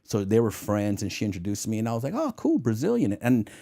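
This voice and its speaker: A man's voice: lowish voice, fast. A man, a former federal agent, telling casual stories in an interview and acting out the voices in his anecdotes, often laughing at his own jokes. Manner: animated storyteller who acts out the voices in his anecdotes.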